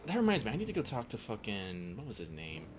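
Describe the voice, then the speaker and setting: A man's voice: on the low side, huge pitch swings, fast talker, slight background noise. A man co-hosting a podcast in casual gaming chat, often hesitating and trailing off with fillers. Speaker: podcast co-host.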